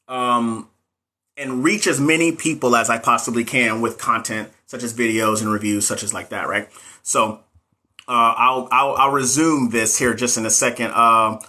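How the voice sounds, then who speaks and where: A man chatting live with his viewers, his voice bright and forward. He talks in a blunt, animated way and calls out to the audience as he goes, sometimes swearing. His pitch sits in the middle for a man. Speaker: livestream host giving nursing exam advice. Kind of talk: casual livestream chat.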